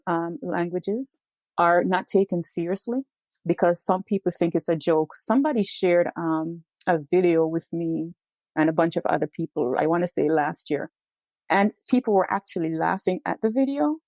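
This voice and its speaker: A woman's voice: lowish voice, moderate pace, darkish tone, no echo. A woman, a guest educator speaking earnestly and emphatically in a discussion. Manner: earnest and emphatic, frequent "yes".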